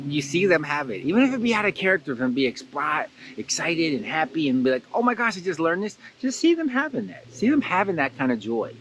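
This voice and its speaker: A man hosting a casual guided blessing exercise, animated and laughing often, jumping into excited high voices when he quotes someone. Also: slight background noise. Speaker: host guiding a blessing exercise. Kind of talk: casual guided meditation talk.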